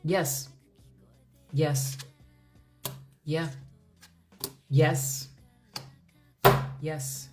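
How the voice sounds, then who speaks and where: Low-voiced chatty woman reading tarot. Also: little pitch movement, drawn-out words, long pauses, music in the background. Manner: chatty, musing, laughs often, many fillers. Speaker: tarot reader. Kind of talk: casual tarot reading monologue.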